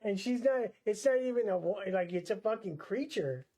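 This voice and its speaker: Crude joking co-host, mellow voice. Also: male voice, sits high, animated, normal speed. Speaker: podcast co-host. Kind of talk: casual movie discussion.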